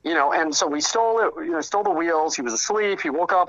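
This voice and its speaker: A man's voice: a little high, very fast, hardly any pauses, a bit bright, dull audio. A man telling stories about an old friend in a casual interview, rambling with many fillers and restarts. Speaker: interview guest, friend recounting memories.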